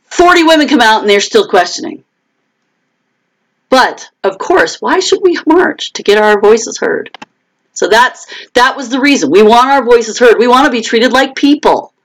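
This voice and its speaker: A woman's voice: on the high side, normal speed, low-quality recording. A woman author hosting a casual live chat, answering viewers by name, with many restarts and short laughs. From United States. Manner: animated, quotes others in raised voices.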